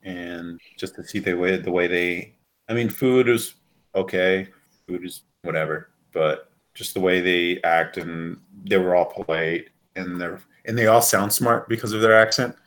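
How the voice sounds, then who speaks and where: A man from the United States chatting casually as a co-host, rambling and animated, swearing freely and laughing often. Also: low voice, a little slow. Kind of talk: casual chat.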